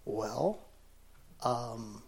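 A middle-aged man preaching a sermon as pastor, conversational, swinging between loud emphasis and quiet intensity, laughing easily. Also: mid-range voice, drawn-out words, vocal fry, a little hiss or hum.

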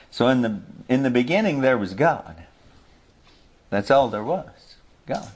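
A man preaching an informal sermon, earnestly searching for words with many restarts, and reading scripture slowly. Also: mid-range voice, very animated, slightly rough. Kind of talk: informal sermon, Bible teaching.

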